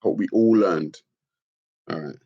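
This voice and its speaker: A middle-aged man, casually chatting on a livestream and reading out comments, laid-back and quick to laugh. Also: deep voice, warm tone, slightly rough. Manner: laid-back, laughs often, calls people bro. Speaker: livestream host. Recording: dull lo-fi stream audio.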